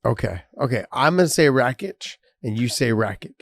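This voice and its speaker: A man's voice: mid-range voice, big pitch swings, fast, creaky, a bit bright, breathy edge, dry recording, studio quality. A man co-hosting a sports podcast in loose, casual chat, swearing freely. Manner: loose, swears casually, reads sponsor promo. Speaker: podcast co-host.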